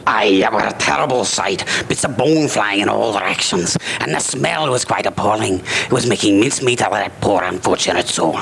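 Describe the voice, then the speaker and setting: An actor playing a shifty restaurant owner who puts on an exaggerated Scottish accent, indignant and sales-pitching, in a mockumentary comedy. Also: male voice, fairly quick, gravelly, few pauses, a bit bright, low-quality recording. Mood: lurid. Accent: put-on Scottish. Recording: busy crowd noise behind.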